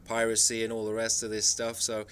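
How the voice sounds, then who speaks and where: A man's voice: lowish voice, monotone, fairly quick, fairly bright tone, soft background music. A man from the Isle of Man telling travel stories in a rambling, emphatic monologue. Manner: rambling, emphatic storytelling with frequent restarts. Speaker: travel vlogger. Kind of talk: casual monologue.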